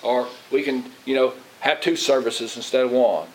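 A man's voice: medium pitch, steady tone, moderate pace, poor audio. A middle-aged man, a pastor preaching in a folksy, rambling way and asking his congregation questions. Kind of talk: sermon. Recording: faint hiss.

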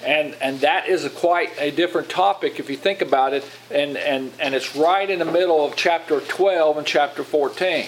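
A man's voice: a little high, normal speed, few pauses, slight background noise, poor audio. A man preaching to his congregation in a loose, conversational teaching style, often asking them questions and repeating his words as he goes. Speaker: pastor.

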